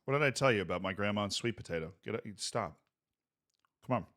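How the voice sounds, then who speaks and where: Playful, lively-voiced male game streamer. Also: on the low side, fast talker. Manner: goofy, playful, jokey asides to chat. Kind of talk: casual gameplay commentary.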